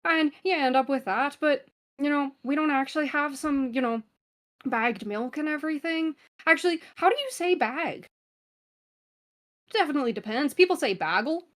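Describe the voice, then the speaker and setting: A woman's voice: high voice, moderate pace. A woman with a Canadian accent rambling through a game-show turn, with lots of fillers and self-deprecating asides. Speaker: contestant. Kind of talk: casual game-show banter.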